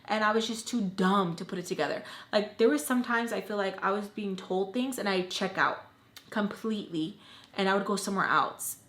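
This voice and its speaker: A young woman vlogger telling a personal story in casual chat, animated and full of filler words. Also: medium pitch, normal speed. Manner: chatty, animated, lots of "like" fillers. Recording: roomy echo.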